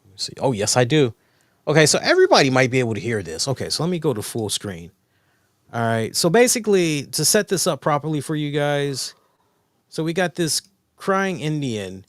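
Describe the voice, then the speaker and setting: A man co-hosting a podcast, telling stories in a rambling, excitable way with lots of fillers and swearing. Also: on the high side, brisk, no echo, clean studio sound. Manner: rambling, excitable, profane storytelling. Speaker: podcast co-host. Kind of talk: casual chat.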